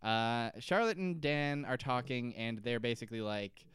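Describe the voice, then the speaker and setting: A man's voice: mid-range voice, moderate pace, a bit bright, clean tone, dry recording. A man co-hosting a casual comedy podcast, recapping a TV episode and acting out scenes in goofy voices. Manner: jokey, acts out scenes in silly voices. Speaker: podcast co-host.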